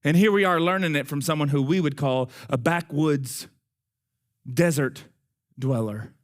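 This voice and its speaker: A man preaching a sermon in a folksy, animated way, talking straight to his congregation. His voice is going hoarse and he is short of breath. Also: fairly high pitch, a little slow.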